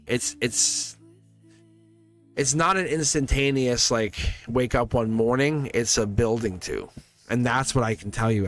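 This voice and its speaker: A man of medium pitch gives tarot readings to viewers over a live stream. He rambles earnestly, frequently restarts his sentences, and gets emotional.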